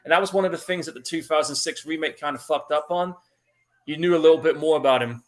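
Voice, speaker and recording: A man's voice: on the high side, quick pace. Laid-back man swearing casually. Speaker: podcast co-host. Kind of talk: casual movie commentary.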